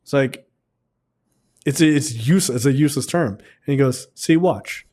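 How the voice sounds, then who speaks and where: A man's voice: mid-range voice, moderate pace, a little mellow. A man co-hosting a casual film review podcast, talking bluntly with plenty of swearing and loose rambling. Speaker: podcast co-host.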